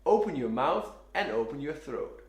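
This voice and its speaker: A man coaches saxophone breathing and tone with calm, step-by-step instructions, demonstrating as he talks. His voice sits a little high and moves up and down a lot. The room adds a clear echo around him. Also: normal speed. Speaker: saxophone teacher. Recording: roomy echo.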